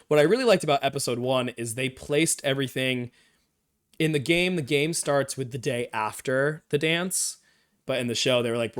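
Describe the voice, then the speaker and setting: A man of ordinary pitch talks through a TV episode on a live stream. His recap is enthusiastic and rambling, and he acts out the characters' lines along the way. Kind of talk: casual show discussion.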